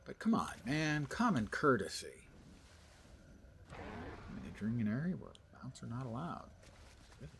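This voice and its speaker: A man's voice: medium pitch, big pitch swings, normal speed, creaky, long pauses, fairly bright tone, slight background noise. A man livestreaming a game, talking to himself and his viewers in a casual, wry way with sarcastic asides. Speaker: gaming livestreamer. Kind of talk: casual gameplay commentary.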